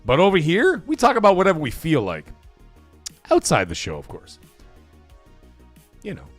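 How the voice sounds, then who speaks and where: A man's voice: on the high side, normal speed, no room sound, soft background music. A man hosting a live stream, chatting casually and rambling, with frequent swearing. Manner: profane, rambling, animated.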